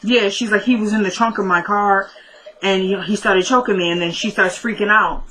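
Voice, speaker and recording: A woman's voice: mid-range voice, fairly even intonation, a little fast, bright, forceful tone, poor audio. A woman casually recapping a TV episode, retelling the dialogue in a chatty way. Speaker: TV recap vlogger.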